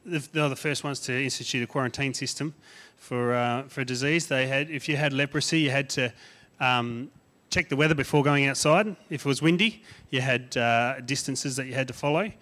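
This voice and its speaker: At a slightly fast clip with few pauses, a man of medium pitch preaches a sermon as a guest speaker, keeping it conversational. Emphatic lists push his voice up and loud, and asides bring it quiet.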